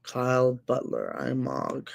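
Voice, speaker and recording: A man hosts a casual livestream and answers his chat at an unhurried, drawn-out pace. His talk is thick with fillers and restarts, and he keeps scolding trolls. It sounds like he is speaking into a home streaming mic. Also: medium pitch, huge pitch swings, vocal fry. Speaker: livestream host.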